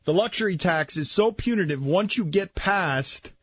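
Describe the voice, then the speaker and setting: A sports radio host with a husky, fairly high voice, talking casually and laying things out step by step. The audio is dull and lo-fi, with faint music behind. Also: male voice, lively intonation, moderate pace.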